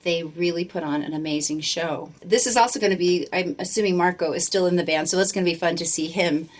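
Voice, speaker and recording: A woman vocal coach with a fairly low speaking voice talks through a concert clip. She heaps on praise and keeps restarting her sentences as she gets excited about the singer's tone and control. Her delivery is casual and heartfelt. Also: quick pace. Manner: effusive, gushing praise with frequent restarts. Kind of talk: reaction commentary.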